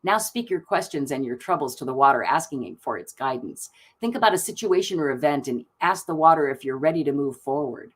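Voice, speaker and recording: A woman giving card readings on a live stream, reading out card texts in a soft, gentle manner and laughing often. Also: sits low, animated, brisk, hardly any pauses, breathy edge. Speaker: tarot card reader.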